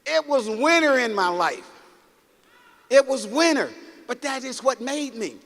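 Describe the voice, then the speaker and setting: A Mississippi man with an extremely high-pitched, lively, slightly bright voice gives an unhurried motivational speech in a large auditorium. Preachy, he tells stories and calls out to the crowd while the audience laughs along, and the big room echoes around him.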